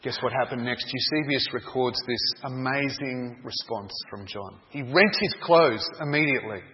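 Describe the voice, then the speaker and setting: A man preaching a sermon, telling a story in a dramatic, deliberate way. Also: mid-range voice. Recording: dull echoey hall sound.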